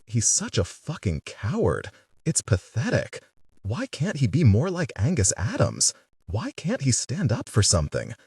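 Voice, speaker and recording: A man's voice: mid-range voice, huge pitch swings, measured pace, a little mellow, slightly rough, no echo, clean studio sound, recorded from a distance, full character voice. A man reading an audiobook, voicing an angry, defiant teenage girl who speaks in bitter accusations.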